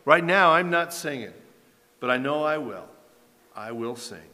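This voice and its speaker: A man's voice: mid-range voice, expressive, measured pace, sharp tone, long reverb tail. A man preaching a sermon as pastor, asking rhetorical questions and building in intensity as he reads scripture.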